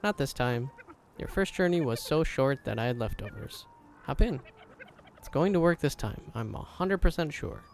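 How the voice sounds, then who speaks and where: A man's voice: mid-range voice, lively intonation, normal speed, lightly acted. A man reading game dialogue aloud, voicing an eccentric, cheerful inventor creature in a breezy, rambling way.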